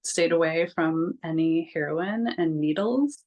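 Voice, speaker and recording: A woman's voice: low voice, measured pace, a little mellow, dull audio. A young adult woman telling her own story in a vlog, candid and casual, with many fillers and frank swearing. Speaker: vlogger.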